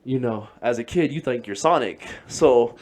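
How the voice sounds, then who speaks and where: A man's voice: mid-range voice, animated, moderate pace, a little mellow. A young man telling a long story in casual chat, rambling and laughing as he goes. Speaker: podcast co-host.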